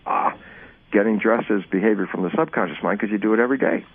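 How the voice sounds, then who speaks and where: A man being interviewed, explaining casually and acting out both sides of imagined conversations in an animated way. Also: on the low side, quick pace, breathy edge, no room sound. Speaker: interview guest. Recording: narrow phone-like sound.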